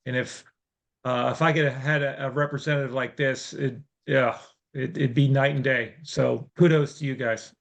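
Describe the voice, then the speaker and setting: Gravelly-voiced man attendee. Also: mid-range voice, fairly even intonation, moderate pace. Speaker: webinar attendee. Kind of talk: casual chat.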